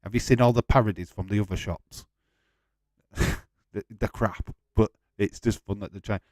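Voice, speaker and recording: A man's voice: lowish voice, fairly even intonation, normal speed, darkish tone, no echo, clean studio sound. A man hosting a live football watch-along, chatting casually, swearing and laughing as he goes.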